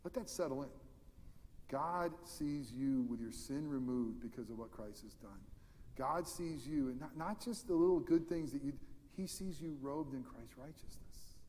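A male pastor preaching a sermon, swinging between loud emphatic peaks and hushed, almost whispered lines. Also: medium pitch, moderate pace, big-room sound.

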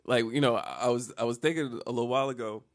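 A man from Jersey City telling a funny childhood story on a podcast, animated and laughing often. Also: mid-range voice, fast talker, no room sound, studio quality. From Jersey City, New Jersey. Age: adult with child. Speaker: podcast co-host. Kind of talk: casual comedic storytelling. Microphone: studio mic.

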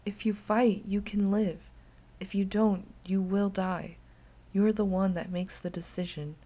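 A woman voicing the gentle ghost of a young girl, speaking softly and calmly to reassure. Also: medium pitch, unhurried, close to an everyday voice. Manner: soft, calm, reassuring.

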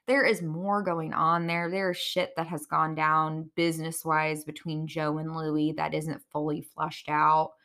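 A woman's voice: on the low side, fairly bright tone. A woman hosting a podcast, giving casual, opinionated commentary in a chatty, candid way, full of fillers like "like" and "um". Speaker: podcast host recapping reality TV.

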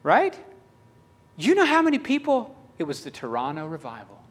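Lively high-voiced male preacher. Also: normal speed. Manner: animated, acts out dialogue. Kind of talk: storytelling sermon.

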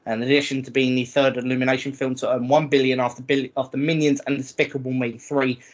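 A man co-hosting a gaming podcast, chatty and quick to reel off figures. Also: medium pitch, flat delivery. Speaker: podcast co-host. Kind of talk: casual chat. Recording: dull lo-fi audio.

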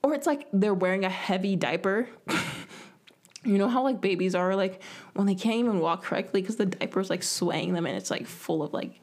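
A young woman talks into a home podcast mic, chatting alone through a rambling story about her day. She mocks herself as she goes and drops into a whisper to act out what others said. Her pitch sits right in the middle for a woman. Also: moderate pace, darkish tone. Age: young adult. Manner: rambling, self-mocking, acts out quotes in whispers. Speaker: podcast host. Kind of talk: casual solo podcast storytelling.

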